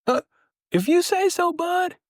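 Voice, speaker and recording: A man's voice: expressive, a little slow, no echo, clean studio sound. A man putting on friendly boat crew calling out. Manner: high, bright put-on calling voice.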